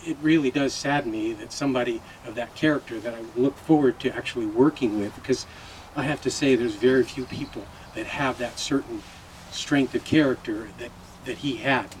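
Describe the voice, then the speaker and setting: A man's voice: medium pitch, brisk. A man speaking earnestly at a funeral, praising the deceased's strength of character. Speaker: mourner giving tribute. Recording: distant mic with faint noise.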